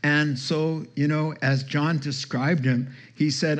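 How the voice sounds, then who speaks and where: A man's voice: fairly high pitch, flat delivery, slow pace, hardly any pauses. A male pastor preaching a sermon, emphatic, quoting scripture and chatting with the congregation.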